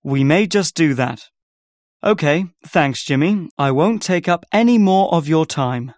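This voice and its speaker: A man's voice: a little high, expressive, a little slow, a little mellow, no room sound, studio quality. A man as an organizer in a scripted listening-test dialogue, repeating details back carefully. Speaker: workshop organizer.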